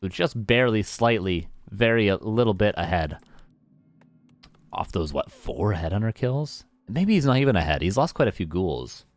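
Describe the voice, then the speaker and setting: A man's voice: lowish voice, very animated, moderate pace. A Canadian man casting a live strategy game match, chatty and self-mocking, thanking viewers by name between plays. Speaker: esports caster.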